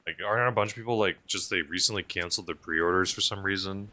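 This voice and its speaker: A low-voiced man talks fast and chattily while streaming a game, with a little hiss or hum on the recording. His casual commentary rambles and muses aloud, swinging between loud bursts and mumbled asides.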